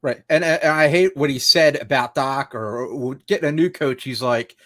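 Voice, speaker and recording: A man's voice: mid-range voice, normal speed, sharp tone, no echo, studio quality. A man co-hosting a casual sports podcast, ranting in a frustrated, profane, rambling way. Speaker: podcast co-host.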